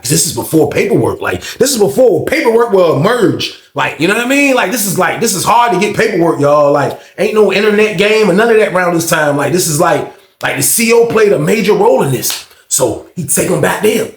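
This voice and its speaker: A man telling a casual storytime in a lively, slangy way, acting out the voices of the people in it. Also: a little high, a little fast, vocal fry, roomy sound. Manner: animated, slangy retelling that acts out the voices of others.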